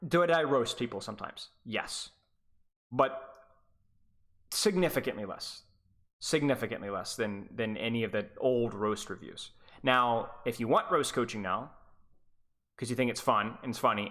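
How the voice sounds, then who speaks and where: A man's voice: mid-range voice, sharp tone. A man who coaches esports, talking casually on a live stream in a rambling way, stumbling and restarting his sentences. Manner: rambling, stuttering, with frequent restarts.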